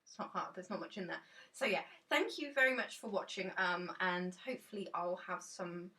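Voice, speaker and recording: A woman's voice: lowish voice, normal speed, bright, forceful tone, distant mic. A woman chatting enthusiastically and rambling casually about a tarot deck in a dim room.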